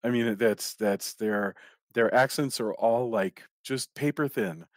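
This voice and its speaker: A man's voice: medium pitch, slow pace, no room sound, studio quality. A middle-aged man hosting a podcast, talking through a film in a rambling way, often restarting and repeating words. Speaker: podcast host. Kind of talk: casual film discussion.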